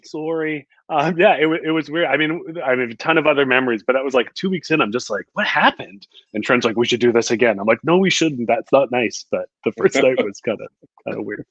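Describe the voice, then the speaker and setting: A man hosting a casual chat, telling stories with a quick laugh. His voice sits at a middle pitch and sounds dry and close. The audio is muffled and dull. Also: fairly even intonation, a bit bright, no room sound. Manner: chatty storyteller, laughs often.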